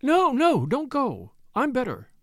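A man's voice: high voice, huge pitch swings, normal speed, darkish tone, no echo, studio quality. A man voicing a frail, frightened widowed woman rancher who pleads in breathless bursts. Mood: desperate.

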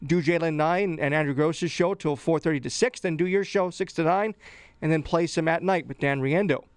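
A man's voice: a little high, fairly quick, clean tone, no room sound. A man from Edmonton with an Edmonton accent, chatting casually on air about his work day in a plainspoken, easygoing way. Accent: Edmonton Canadian. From Edmonton, Canada. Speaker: radio station regular. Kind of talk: casual chat. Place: radio studio.

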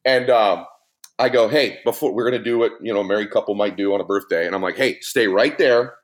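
A man's voice: on the low side, fairly even intonation, fast talker. A middle-aged man, a podcast guest, telling a funny story in conversation and laughing as he mimics voices.

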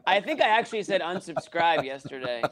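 A man's voice: on the high side, lively intonation, fairly quick, a crowd in the background. A man co-hosting a sports podcast in casual chat, joking around and laughing often. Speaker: podcast co-host.

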